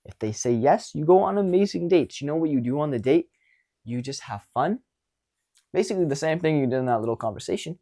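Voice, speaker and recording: A young man coaching viewers on dating in a casual monologue, animated and blunt, with casual swearing. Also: on the high side, a little fast.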